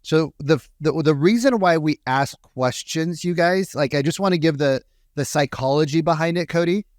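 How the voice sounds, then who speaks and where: A man coaching real estate agents on a podcast, animated, acting out phone calls in quick voices. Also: fairly high pitch, dry recording, studio quality. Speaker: sales coach, podcast co-host. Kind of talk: energetic coaching talk with acted-out quotes.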